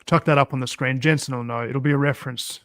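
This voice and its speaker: A man's voice: mid-range voice, fairly even intonation, fairly bright tone. An Australian man co-hosting a casual podcast, chiming in with short quips and asides. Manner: quick quips and short interjections. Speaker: podcast co-host. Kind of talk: casual late-night podcast chat.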